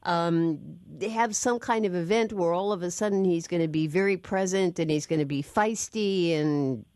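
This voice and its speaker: Low-voiced woman hosting radio, dry sound. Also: normal speed, darkish tone, no echo. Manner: conversational, asks questions. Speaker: radio talk show host. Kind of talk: radio interview.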